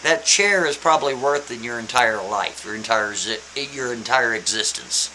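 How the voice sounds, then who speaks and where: A man's voice: medium pitch, expressive, normal speed, pushed and bright, slight background noise, low-quality recording. A man voicing a smug, condescending furniture store owner. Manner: condescending, dismissive.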